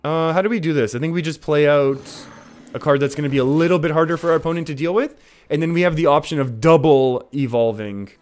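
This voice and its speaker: A man's voice: fairly high pitch, fast talker. A young Canadian man with an English Canadian accent, casually commentating a card game and reading viewer comments, laughing often. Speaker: streamer.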